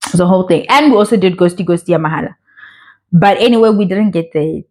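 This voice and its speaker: A young woman from South Africa with a sore throat, chatting in an animated, opinionated way as she reviews a reality show. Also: mid-range voice, fast talker. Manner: animated and opinionated, acts out the cast members' voices. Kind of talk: casual chat, reviewing a show.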